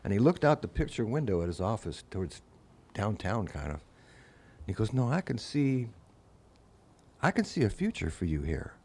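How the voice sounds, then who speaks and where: A man's voice: on the low side, normal speed, pauses often, a little hiss or hum. An older man, a guest musician, telling long anecdotes in casual conversation and acting out the people he quotes. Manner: anecdotal, animated quoted voices. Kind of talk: casual storytelling.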